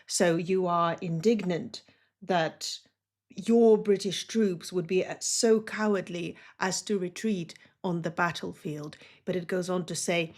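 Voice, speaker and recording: A woman tutor walking through exam questions step by step, explaining each answer in a measured way and reading poem lines aloud. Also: lowish voice, a little mellow. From Oxford-trained. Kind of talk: exam walkthrough lesson.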